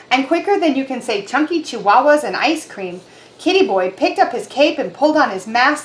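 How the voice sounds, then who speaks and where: A woman reads a picture book aloud for children with animated, expressive storytelling. Her fairly high voice rises and falls freely. The recording is roomy, with a faint hum behind it. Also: moderate pace.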